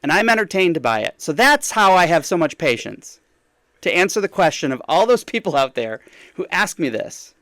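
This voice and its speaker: A man's voice: fairly high pitch, very animated, moderate pace, a bit bright, no room sound. A man hosting a podcast in casual chat, talking in a rambling, hesitant way with many restarts. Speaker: podcast host.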